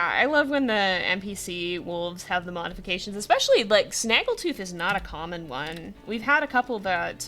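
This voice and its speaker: A woman streamer chatting casually over a wolf game, laughing often and loudly, with a light lilt. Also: on the low side. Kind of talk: casual gameplay commentary.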